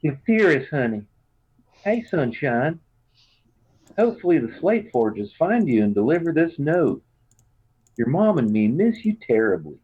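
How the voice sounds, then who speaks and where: A man's voice: fairly high pitch, very animated, unhurried, long pauses, slightly rough, voice pushed up, heavily acted. A man voicing a fierce, doting farm mother with an American Southern drawl, reading out a rambling letter home. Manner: warm, rambling, folksy drawl. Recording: dull lo-fi sound.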